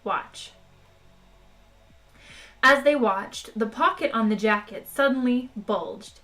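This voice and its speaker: A woman reading a novel aloud for a live stream audience, chatting casually between chapters. Her manner is relaxed and talky, and her voice sits somewhat high. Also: measured pace. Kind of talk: read-aloud narration and casual chat.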